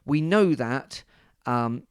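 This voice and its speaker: A male podcast co-host talking in relaxed, joking banter at a mid-range pitch. His voice is recorded close and dry, with no room sound. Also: slow, smooth, dry recording. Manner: jokey, playful banter. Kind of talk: casual chat.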